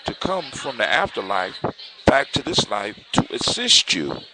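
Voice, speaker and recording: A man voicing the hushed, solemn ghost of a grateful male ancestor in a spoken folktale. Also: lowish voice, wildly swooping pitch, measured pace, exaggerated voice. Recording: clear background hiss.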